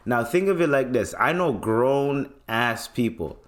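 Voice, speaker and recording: A young man from Canada hosting a solo podcast, rambling in a relaxed way with lots of slang and swearing. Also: mid-range voice, measured pace. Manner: laid-back, swears often, slangy, rambling. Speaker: podcast host. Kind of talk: casual solo podcast talk.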